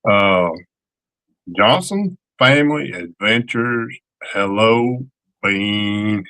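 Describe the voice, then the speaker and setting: Slow-talking Georgia man, bright voice. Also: on the low side, animated, dry recording. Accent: Southern US (Georgia). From Georgia, USA. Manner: slow, drawling, greets viewers by name. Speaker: co-host of a relics livestream. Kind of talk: casual livestream chat. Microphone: desk mic, typing nearby.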